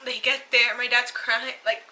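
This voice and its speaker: A young woman telling a personal story on her vlog in a casual, halting way, turning tearful. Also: fairly high pitch, level tone, pushed and bright, low-quality recording. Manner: emotional, tearful retelling, halting. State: crying at times. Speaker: vlogger.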